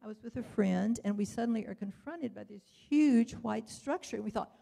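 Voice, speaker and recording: A woman's voice: on the high side, fairly quick, gravelly, warm tone. An older woman giving rambling, chatty public testimony at a hearing, full of wry asides.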